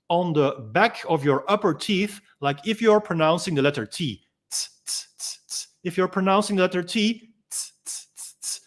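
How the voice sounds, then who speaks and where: A man with a slightly high-pitched voice calmly teaches a freediving technique. He explains in a gentle, unhurried way and pauses often with small ums between his points. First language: Dutch. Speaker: freediving instructor. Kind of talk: instructional demonstration.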